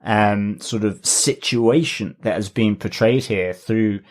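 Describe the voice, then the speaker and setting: A man co-hosting a casual podcast discussion, enthusiastic and halting, restarting his sentences as he goes. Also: lowish voice. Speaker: podcast co-host.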